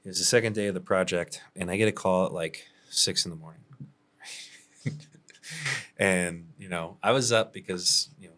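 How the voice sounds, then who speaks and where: Male contractor, podcast host, very deep voice, relaxed storyteller who chuckles often. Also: normal speed, long pauses. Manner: laid-back, chuckles often, many fillers.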